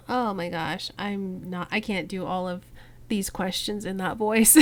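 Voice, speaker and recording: Woman, streamer, mid-pitched, giggly, casual asides, reading game text. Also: unhurried. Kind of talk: let's play with commentary and narration.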